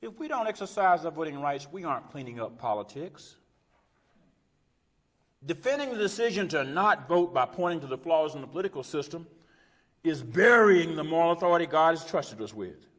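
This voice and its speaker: A man preaching a sermon as a pastor, impassioned, with repeated rhetorical phrases that swing from loud urgent peaks to hushed low drops. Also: big pitch swings, moderate pace. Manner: repetitive rhetorical cadence. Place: church sanctuary. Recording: long church reverb.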